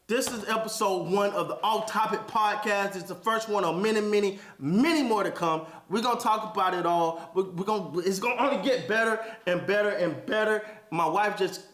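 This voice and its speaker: A man's voice: sits high, fairly bright tone. A man hosting a podcast, giving an emphatic motivational monologue and repeating phrases for emphasis. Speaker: podcast host. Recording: echoey room.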